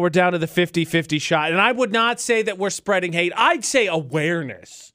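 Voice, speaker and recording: A man's voice: sits high, expressive, a little fast, hardly any pauses, bright, forceful tone, no echo, studio quality. A man co-hosting a radio show, chatting casually and teasing his co-host. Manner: joking, teasing.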